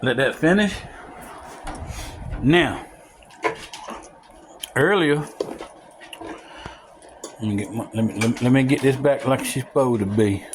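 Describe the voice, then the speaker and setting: A man's voice: mid-range voice, takes it slowly, pauses often, noisy background. Folksy man cooking at home. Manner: folksy and chatty, talking straight to viewers, excited whoops. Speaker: home cook showing a recipe. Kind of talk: casual cooking video narration. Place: home kitchen.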